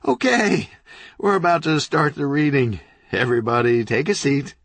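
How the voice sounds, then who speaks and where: A man's voice: fairly high pitch, lively intonation, moderate pace, a bit bright, dry recording, voice pushed up. Man doing a frantic bookstore owner. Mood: yelling. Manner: frantic, snapping. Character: panicky male bookstore owner, desperate and bossy.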